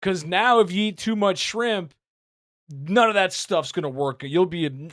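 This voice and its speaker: A man giving casual reaction commentary, excitable and joking, throwing in rapid asides. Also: sits high, no room sound, studio quality. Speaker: commentary YouTuber.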